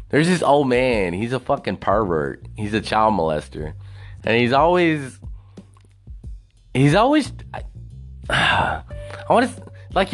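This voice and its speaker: A man hosting a podcast alone, rambling and swearing a lot, laughing at his own jokes. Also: a little high. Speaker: podcast host. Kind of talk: casual solo podcast rant.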